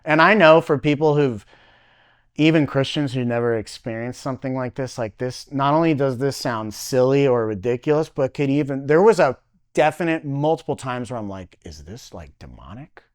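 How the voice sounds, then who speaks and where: Picture a male podcast guest recounting a personal testimony at an ordinary, mid-range pitch. He talks in animated, halting bursts, circling back and leaning on "like" as he hunts for words. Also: clear, resonant tone. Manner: animated, halting, heavy use of "like" fillers.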